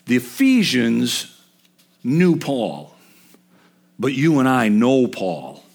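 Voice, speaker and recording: Emphatic middle-aged male preacher. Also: mid-range voice. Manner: emphatic, conversational with sudden rises. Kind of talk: sermon.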